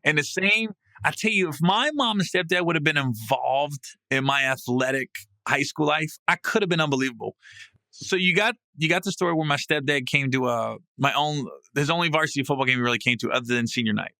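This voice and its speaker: A man hosting a podcast, telling a comic story in a casual, salty way, often breaking into loud, high laughing bursts. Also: a little fast, no room sound. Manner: animated, swings into loud, high laughing outbursts; salty, casual, swears freely. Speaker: podcast host. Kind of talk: comedic storytelling monologue. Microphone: podcast mic.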